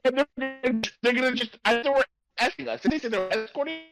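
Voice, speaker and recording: A man playing a tabletop game who gets excited and asks question after question. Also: extremely high pitch, fast talker, over music. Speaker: player. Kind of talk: casual tabletop play.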